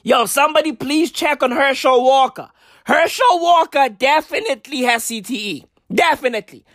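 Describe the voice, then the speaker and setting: A man hosting a podcast, ranting in casual commentary, excitable and profane, repeating himself and breaking into laughter. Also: very high voice, normal speed, dry recording. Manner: excitable, profane, repetitive, keeps bursting into laughter. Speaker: podcast host.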